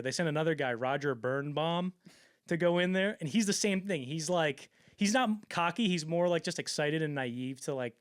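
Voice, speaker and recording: A man hosting a podcast, telling stories in a casual, animated way with lots of swearing and restarts. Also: fairly high pitch, no room sound, studio quality. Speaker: podcast host. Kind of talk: casual storytelling chat.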